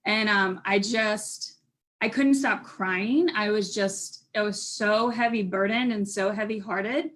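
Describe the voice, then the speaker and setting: A woman guest tells a candid personal story at a middling pitch. She speaks emotionally and haltingly, restarting her sentences often. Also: fairly bright tone.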